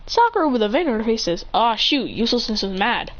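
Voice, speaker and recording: A woman improvising a fan story while gaming, rambling, correcting herself and getting excited as she jumps between characters' lines. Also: a little high, quick pace. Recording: dull lo-fi recording.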